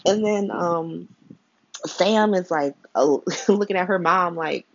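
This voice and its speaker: A woman's voice: lowish voice, slow pace, dry recording. A woman hosting a podcast, recapping a soap opera in a chatty, slangy way with frequent laughter and blunt opinions. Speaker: podcast host. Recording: slightly dull, dry lo-fi sound.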